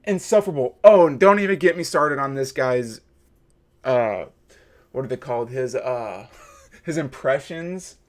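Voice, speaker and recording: A man's voice: mid-range voice, animated, unhurried. A man in his thirties hosting a reaction video, ranting in a heated, mocking way. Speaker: host. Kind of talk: reaction commentary.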